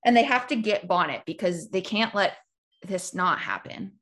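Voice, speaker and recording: A woman's voice: medium pitch, lively intonation, normal speed, a bit bright. A woman co-hosting a podcast, reacting to the episode with strong opinions in casual chat. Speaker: podcast co-host.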